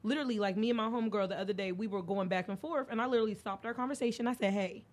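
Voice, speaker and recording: This young woman's voice runs on the high side and races along as she hosts her podcast. She chats casually, telling candid stories and animatedly acting out the quoted lines.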